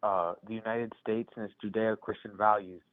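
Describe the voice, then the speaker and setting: Low-voiced male caller on a tinny phone line. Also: steady tone, normal speed. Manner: hesitant, restarts often.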